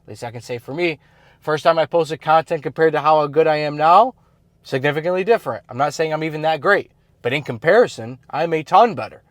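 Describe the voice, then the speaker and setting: A man's voice: on the high side, fairly quick, dry recording, studio quality. A man coaching other men in a casual advice monologue, blunt and slangy, full of "like" and "you know". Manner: blunt, slangy, filler-heavy talk. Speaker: men's self-improvement coach.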